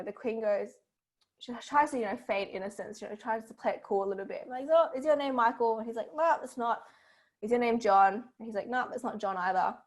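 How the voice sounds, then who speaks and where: A woman tutor with an Australian accent, casually retelling a fairy tale in a seminar, with lots of fillers and rhetorical "right?" tags. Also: fairly high pitch.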